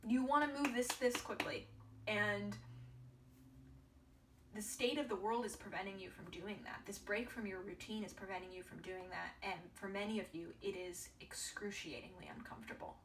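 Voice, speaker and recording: A woman reads tarot for her viewers in an earnest, reassuring way, and her voice sometimes sinks into soft half-whispers. The mic sits well away from her, so the sound is roomy and hollow. A faint hiss runs underneath. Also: medium pitch, moderate pace, distant mic. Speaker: tarot reader. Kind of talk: pick-a-pile tarot reading to viewers.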